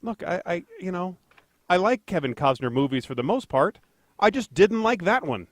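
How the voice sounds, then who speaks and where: Chatty, higher-pitched male podcast host. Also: sing-song, normal speed, dry recording. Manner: rambling, jokey, self-deprecating with fillers. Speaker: podcast co-host, traffic anchor. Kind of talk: casual podcast chat.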